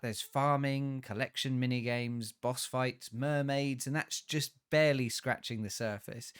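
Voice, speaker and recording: Brief: a male podcast host reading a written review, steady and measured, smooth tone. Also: medium pitch. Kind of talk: reading a scripted game review.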